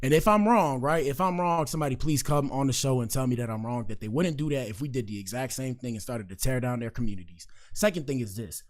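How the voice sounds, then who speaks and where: Man hosting a podcast, mid-pitched, slangy and joking, rambling asides. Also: fast talker, hardly any pauses. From Miami, Florida. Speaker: podcast host. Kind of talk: casual commentary show.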